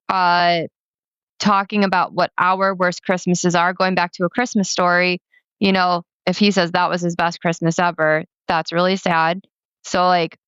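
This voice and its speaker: A woman's voice: fairly low pitch, a bit bright, clean tone, no room sound, dull audio. A woman co-hosting a podcast, chatting casually in a direct, teasing way. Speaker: podcast co-host. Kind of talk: casual chat.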